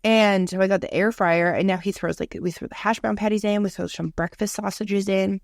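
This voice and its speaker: A woman in her thirties co-hosting a podcast, chatting candidly with lots of swearing and animated storytelling. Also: medium pitch, brisk, vocal fry, no echo, studio quality. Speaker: podcast co-host. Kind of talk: casual chat.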